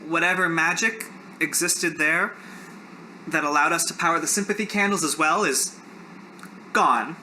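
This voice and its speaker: A man's voice: on the high side, moderate pace, long pauses, pushed and bright, a little hiss or hum, rough recording. A man voicing an anxious male keeper of magic candles who sounds fretful and helpless.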